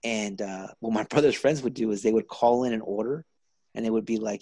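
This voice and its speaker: A man hosting a casual podcast, telling animated stories and acting out the people in them. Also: on the low side, a little fast, no room sound. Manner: animated storyteller, acts out quoted voices. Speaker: podcast host. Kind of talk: casual chat.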